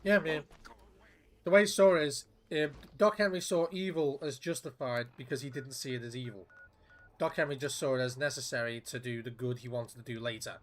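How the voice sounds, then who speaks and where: A man's voice: medium pitch, fairly even intonation, a little fast. A man streaming a video game, chatting casually in a rambling, profane way, with restarts. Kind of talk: casual gameplay commentary.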